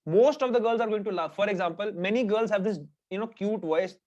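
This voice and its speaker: A man with an Indian English accent teaching dating tips in a brisk, animated coaching lesson, mixing Hindi slang into his English. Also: high-pitched, muffled recording.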